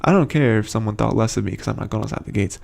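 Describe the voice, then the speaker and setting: Gravelly man rambling through a recap. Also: on the low side, racing, darkish tone. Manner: rambling, frequent fillers and restarts; chuckles between points. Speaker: show commentator. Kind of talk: casual episode recap.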